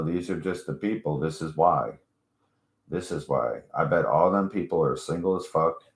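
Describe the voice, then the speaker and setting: A man hosting his own channel, telling a story in a loose, profane, mocking rant. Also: rumbling low. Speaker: channel host. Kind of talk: casual rant to camera.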